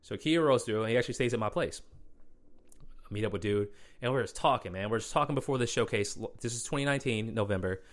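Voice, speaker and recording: A man's voice: medium pitch, quick pace. A man from Minnesota hosting a podcast, telling a story in loose, chatty talk and often calling people "man" and "bro". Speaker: podcast host. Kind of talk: casual solo storytelling.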